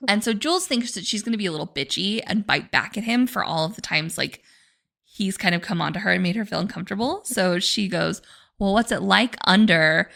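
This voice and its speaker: Chatty woman podcast host, gravelly, bright sound, lots of "like"s. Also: mid-range voice, fairly quick. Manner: chatty, heavy on filler words. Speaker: book club podcast host. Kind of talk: casual chat, recapping a novel.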